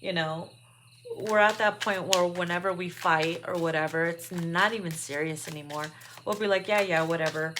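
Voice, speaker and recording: A woman's voice: on the low side, normal speed. Woman, tarot reader, casual, blunt, cusses freely, laughs a lot, faint background hiss. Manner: blunt and profane, laughs often. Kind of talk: casual card reading.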